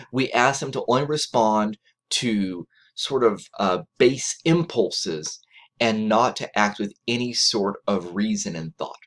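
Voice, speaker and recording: A man giving a recorded college lecture in a conversational way, often checking in with "right?" and restarting phrases, with lively jumps in pitch when he quotes someone. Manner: conversational, frequent "right?" tag questions and restarts; animated pitch jumps when quoting others.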